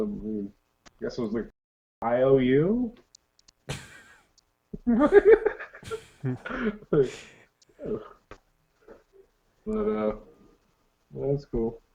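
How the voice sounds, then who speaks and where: Joking man with a lively voice. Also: fairly high pitch, gravelly. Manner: laughs a lot, swears freely, joking. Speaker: podcast co-host. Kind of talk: casual chat. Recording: dull, muffled audio.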